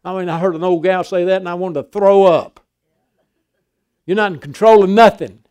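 An older man preaching a sermon, swinging from loud emphatic declarations to quiet, folksy storytelling. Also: sits high, fairly even intonation, normal speed, clean tone.

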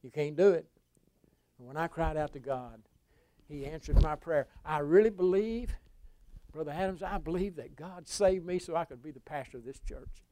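A man preaching a sermon, telling a personal story in a folksy way that swings from hushed to loud. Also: a little high, moderate pace. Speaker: pastor. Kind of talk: sermon testimony.

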